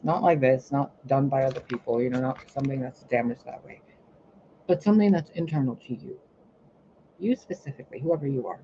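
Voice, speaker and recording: A low-pitched woman speaks at a moderate pace, leaving long pauses, in audio with the highs cut off and a bit of background noise. A spiritual reader and healer, she's ranting casually on her own live stream, blunt and full of profanity. She's animated and acts out others' dialogue.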